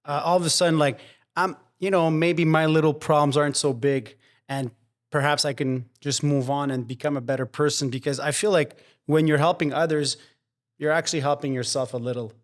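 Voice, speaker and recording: Male podcast co-host, slightly high voice, reflective and supportive. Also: fairly even intonation, brisk. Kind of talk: casual interview chat.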